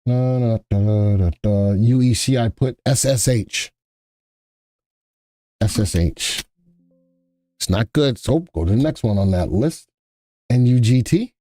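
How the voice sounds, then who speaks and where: Male live-stream market host, mid-pitched, casual and rambling, dry close sound. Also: unhurried, pauses often, mellow, dry recording. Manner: chatty, thinks aloud, repeats himself.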